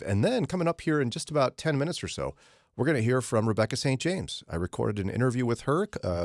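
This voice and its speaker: Animated male radio host, dry studio sound. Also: fairly low pitch, dry recording. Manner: animated, mimics angry listeners in raised voices. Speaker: radio morning show host. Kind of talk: casual radio chat. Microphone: studio microphone.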